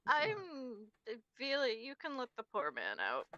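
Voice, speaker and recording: Bright-voiced woman player on a muffled mic. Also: high-pitched, wildly swooping pitch, measured pace. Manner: hesitant, stammering. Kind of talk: tabletop game chat.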